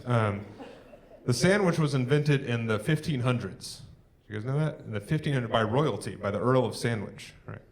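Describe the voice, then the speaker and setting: A young man doing a live stand-up set on a theatre stage, working the crowd with dry one-liners and pausing for laughs. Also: fairly low pitch, a little hiss or hum. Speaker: stand-up comedian. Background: crowd laughing and clapping.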